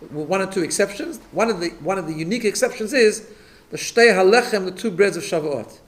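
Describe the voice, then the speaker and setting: Rabbi giving a Torah class, fairly high voice, explains patiently, repeats words on restarts. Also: male voice, expressive, fairly quick. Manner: explanatory, checks in with listeners. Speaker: rabbi teaching a weekly class.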